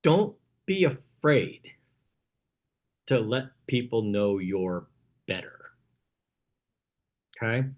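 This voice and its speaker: A man's voice: mid-range voice, very animated, very slow, pauses often, darkish tone. A man leading a real estate team training, coaching in a punchy way and often checking in with "okay?". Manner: coaching, punchy, repeats "okay?" after points.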